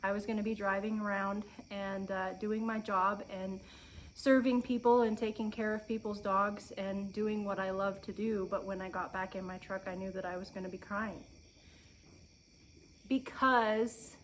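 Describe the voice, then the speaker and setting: A woman in her thirties sits outside on her farm and talks openly to her viewers. She is emotional and close to tears, but stays earnest and encouraging, pausing and starting over as she goes. Crickets and insects sound faintly in the background. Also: mid-range voice, little pitch movement, low-quality recording. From Oregon. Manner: earnest, encouraging, pauses and restarts often. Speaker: homestead vlogger. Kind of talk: heartfelt sit-down chat to camera. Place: outdoors on a farm. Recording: faint outdoor insect noise.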